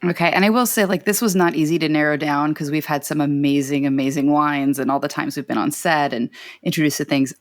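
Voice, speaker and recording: A woman with a notably low voice chats casually on a podcast, laughing easily and filling pauses with "like" and "um". The sound is dry and close to the mic. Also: steady tone, dry recording. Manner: chatty, laughs easily, uses many fillers. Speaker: podcast producer.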